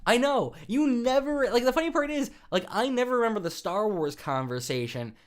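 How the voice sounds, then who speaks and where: A man's voice: very high voice, animated, a little fast. A man hosting a live stream, chatting casually with viewers in a rambling, teasing way and laughing often.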